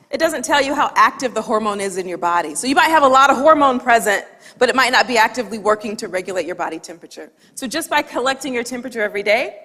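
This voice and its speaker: Woman telling a lively story in a reverberant hall. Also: on the high side. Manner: lively, humorous storytelling with quoted dialogue. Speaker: speaker. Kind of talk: storytelling talk. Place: large hall with audience.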